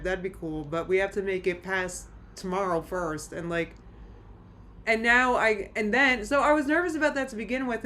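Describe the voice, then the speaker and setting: A woman's voice: medium pitch, fairly bright tone, a little hiss or hum. A woman streaming from home, chatting casually with her live chat in a rambling, anxious way, full of restarts. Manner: rambling, anxious, many restarts and nervous laughs.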